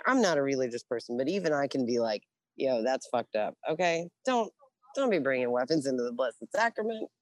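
Low, dry-voiced middle-aged woman, blunt and profane storyteller, lively quotes. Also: dry recording. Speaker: interview guest, Navy veteran. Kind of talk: casual storytelling.

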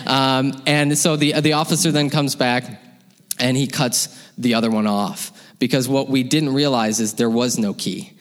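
A man telling a personal story live on stage, lively and laughing, acting out the voices of his parents. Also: mid-range voice, normal speed. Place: hall with audience. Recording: long hall reverb.

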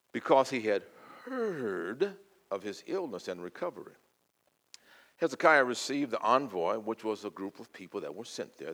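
An older man preaching a sermon, swinging from loud, fervent declaiming to quiet, intimate asides. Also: lowish voice.

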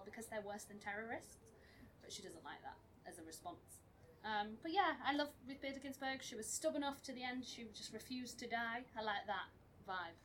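A young woman talking in a chatty, self-mocking way, giggling as she goes. Her voice sits on the higher side. She sounds slightly distant from the mic over a faint hiss. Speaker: panel presenter. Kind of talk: comic chat segment.

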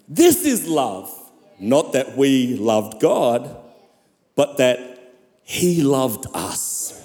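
A man's voice: a little high, a little mellow, big-room sound. A man preaching a sermon as pastor, fervent and calling out to the congregation. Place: church.

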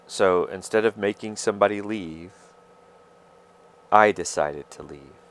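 A man with a slightly low voice talks alone into his podcast mic. His speech is halting and confessional, full of fillers and restarts as he searches for words. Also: a bit bright. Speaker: podcast host. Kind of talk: rambling personal monologue.

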